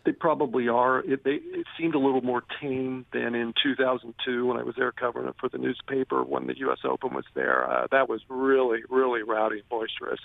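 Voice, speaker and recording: A man's voice: mid-range voice, creaky, dry recording. A man who writes about golf, talking casually as a radio guest in a rambling way, full of restarts and fillers. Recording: dry tinny phone line.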